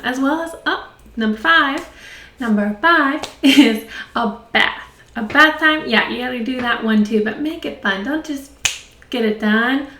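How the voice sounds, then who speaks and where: A woman's voice: fairly high pitch, fairly bright tone. A woman speech therapist giving an upbeat, encouraging lesson to parents, laughing often. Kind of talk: instructional talk to parents. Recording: roomy sound, mic at a distance.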